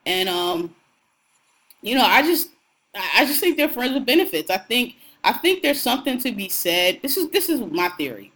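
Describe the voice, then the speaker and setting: A woman's voice: on the high side, big pitch swings, normal speed, a bit bright, rough recording. A young woman co-hosting a podcast, talking in an outspoken, slangy, profane way about music and celebrities. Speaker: podcast co-host. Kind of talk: casual podcast chat.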